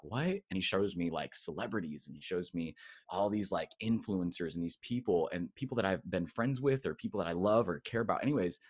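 A man, a former pastor turned coach, telling his story as an interview guest in a casual, animated way, acting out quotes. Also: deep voice, no echo, clean studio sound. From United States. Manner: casual, expressive, acts out quotes with big swings.

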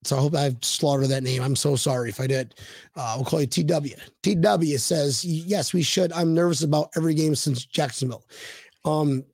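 Excitable gravelly-voiced sports podcast host. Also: male voice, fairly high pitch, moderate pace, dry recording. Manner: excitable, stammering restarts, reads viewer comments. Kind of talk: casual sports chat on a livestream.

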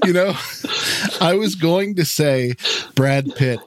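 A man's voice: on the high side, slow pace. A man co-hosting a casual movie podcast, laid-back, making short dry remarks. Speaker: podcast co-host.

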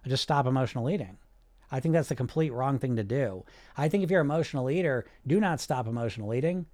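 Direct, animated male podcast coach. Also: mid-range voice, fast talker. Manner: direct and animated, asks rhetorical questions and checks in with "right?" and "you see?"; casual, sometimes swears. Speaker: weight loss coach and podcast host.

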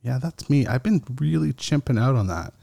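A man hosting a casual solo podcast, talking slowly and haltingly with many fillers, still foggy after an edible. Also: mid-range voice, lively intonation, vocal fry, mellow. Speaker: podcast host.

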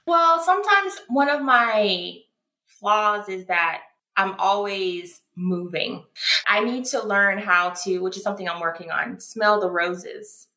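A woman being interviewed, telling her story in an animated way and acting out what people said. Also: mid-range voice, slow pace. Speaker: guest, founder of a foot care brand. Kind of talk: casual interview conversation. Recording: echoey room.

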